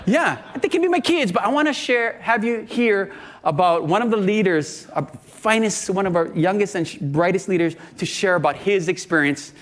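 Middle-aged pastor, sermon delivery, high voice, animated storyteller. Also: male voice, normal speed.

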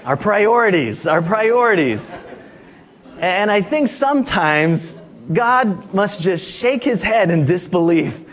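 A male pastor with a notably high-pitched voice, preaching with emphasis during a church service. He speaks in short, punchy lines and keeps checking in with the congregation for an amen. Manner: emphatic, repeatedly asks "Amen?". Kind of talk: sermon.

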